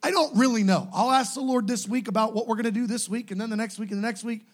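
A man preaching to his church, impassioned and exhorting, swinging from quiet pleading to shouting. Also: very high-pitched, fast. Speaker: pastor. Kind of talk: sermon.

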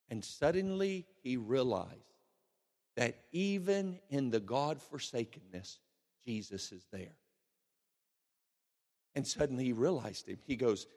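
A middle-aged man preaching a sermon, swinging between hushed and loud passages. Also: mid-range voice, expressive, unhurried. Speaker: pastor. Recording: long hall reverb.

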